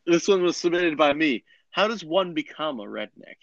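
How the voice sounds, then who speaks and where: A man's voice: fairly high pitch, lively intonation, moderate pace, vocal fry, a bit bright, dry recording. Playful young man interviewing on a podcast. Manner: amused, playful, laughs often. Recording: dry dull lo-fi recording.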